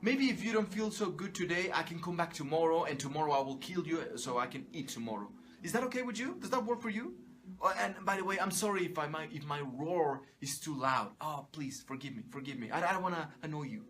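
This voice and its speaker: A man's voice: lively intonation, a little fast, a bit bright, a little hiss or hum. A man voicing an overly polite, apologetic male lion in a raised, fawning tone. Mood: mock-polite. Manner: fawning, apologetic, higher-pitched.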